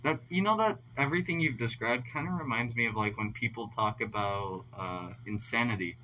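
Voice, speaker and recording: A man's voice: mid-range voice, a little fast, sharp tone, dull audio, a little hiss or hum. A young man in a casual chat, making dry, wry remarks and keeping the show on time. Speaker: podcast co-host.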